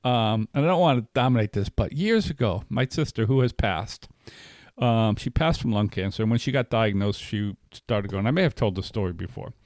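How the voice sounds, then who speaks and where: A man's voice: lowish voice, expressive, normal speed, a little mellow, dry recording. A middle-aged man talking candidly in a casual podcast conversation, telling personal stories with many fillers and restarts. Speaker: podcast co-host.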